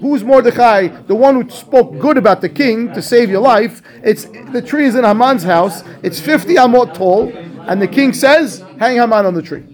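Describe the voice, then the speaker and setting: Man, rabbi, text class, high voice, animated, questions and answers. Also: brisk. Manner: animated, asks and answers his own questions. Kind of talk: Torah class commentary.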